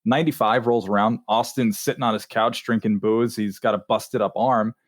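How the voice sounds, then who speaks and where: A man co-hosting a podcast, telling stories in a relaxed, chatty way with fillers. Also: lowish voice, moderate pace, no echo, clean studio sound. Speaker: podcast co-host. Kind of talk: casual chat.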